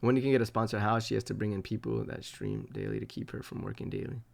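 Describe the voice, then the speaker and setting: A man on a live stream reads chat comments aloud and reacts loosely and animatedly, swearing plenty. His voice is lowish with vocal fry, and he talks fast.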